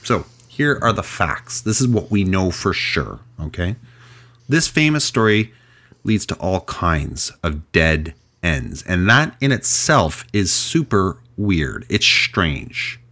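A man hosting a podcast, telling a mystery story in a casual, chatty way with animated delivery and frequent restarts. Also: deep voice, slow pace. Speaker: podcast host.

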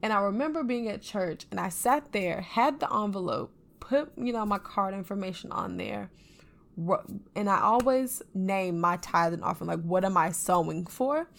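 Gravelly-voiced woman, earnest podcast co-host. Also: mid-range voice, normal speed. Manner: earnest, animated storytelling. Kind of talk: casual faith podcast chat.

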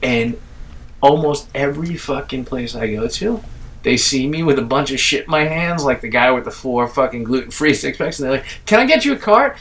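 A man's voice: mid-range voice, normal speed, a bit bright, recorded from a distance. A middle-aged man from Staten Island, telling a rambling, profane story in casual chat.

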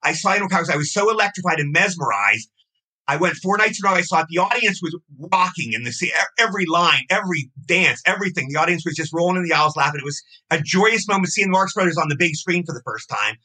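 A man in his sixties rattles off stories at high speed in a casual interview. His voice sits high and sounds piercingly bright, and he gushes with enthusiasm about everything he loves. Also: expressive, fast talker, husky, low-quality recording. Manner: effusive, gushing enthusiasm. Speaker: guest actor.

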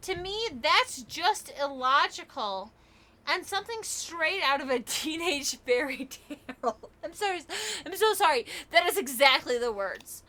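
A young woman with a high, bright voice reads a listener letter on a podcast. She breaks off into irreverent asides, laughing and swearing as she goes. The talk is loose and chatty. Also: expressive, measured pace. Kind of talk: casual chat, reading aloud.

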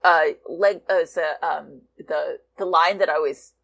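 A woman fanfiction writer talking as a guest in a casual interview, animated and laughing often. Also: lowish voice, measured pace, creaky.

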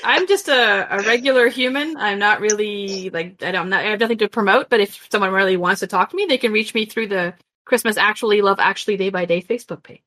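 A woman's voice: medium pitch, a little fast, fairly bright tone, no room sound. A woman podcast guest chatting casually and joking. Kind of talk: casual chat.

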